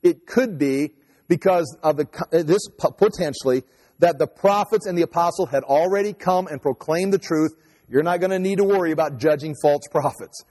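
A man delivers a sermon in a fairly high voice with a loose, conversational manner and a self-mocking sense of humor. His words ring out with a long reverb, as if he is in a church hall. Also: moderate pace, darkish tone. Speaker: pastor.

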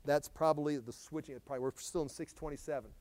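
A pastor preaching an expository sermon, animated and emphatic, his voice swelling when he stresses a point. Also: fairly high pitch, fast talker, no room sound.

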